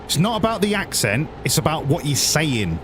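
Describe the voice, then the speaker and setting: A man's voice: on the high side, sing-song, normal speed, noisy background. A man streaming a driving game, talking sarcastically to the game and swearing freely as he plays. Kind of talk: casual gaming commentary.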